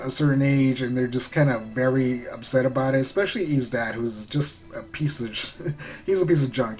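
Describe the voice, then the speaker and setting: A man's voice: mid-range voice, a little mellow. A man giving a loose, rambling recap of a show episode, full of fillers and the odd swear word. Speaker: show reviewer.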